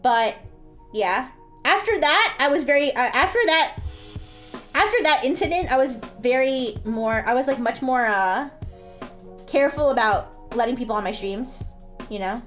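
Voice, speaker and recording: A woman's voice: high voice, expressive, normal speed, fairly bright tone, faint music behind. A woman streamer telling a story casually to her chat while drawing, laughing often and swearing freely.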